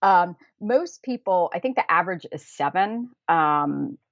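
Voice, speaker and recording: An American woman telling travel stories in a casual podcast interview, chatty and quick to laugh, with many fillers. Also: lowish voice, animated, gravelly, no room sound. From United States. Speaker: guest, travel planner. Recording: dull, dry lo-fi audio.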